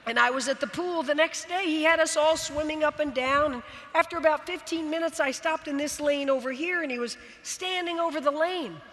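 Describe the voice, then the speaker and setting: A woman in her sixties from Florida giving a dramatic keynote speech, with long pauses and sudden bursts of emphasis. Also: sits high, a bit bright. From Florida, United States. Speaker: keynote speaker. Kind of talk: motivational keynote storytelling. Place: large convention arena. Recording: long reverb of a big arena.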